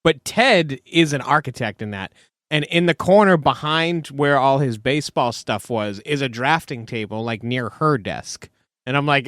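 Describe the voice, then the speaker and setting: A man's voice: mid-range voice, animated, normal speed, fairly bright tone, no echo, studio quality. A man co-hosting a podcast, chatting casually and raising curious questions. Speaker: podcast co-host. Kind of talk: casual chat.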